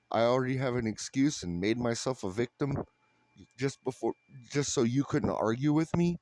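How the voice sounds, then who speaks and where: A man delivering a blunt, sarcastic, profane rant to camera in a flat, unhappy-sounding voice. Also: medium pitch, normal speed, dry recording. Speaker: vlogger. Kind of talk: ranting monologue to camera.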